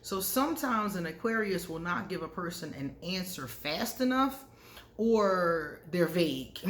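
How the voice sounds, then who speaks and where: A woman's voice: on the low side, animated, unhurried. Woman telling candid stories in an echoey room. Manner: candid, personal, laughs often at own stories. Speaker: astrology channel host. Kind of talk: casual storytelling to camera.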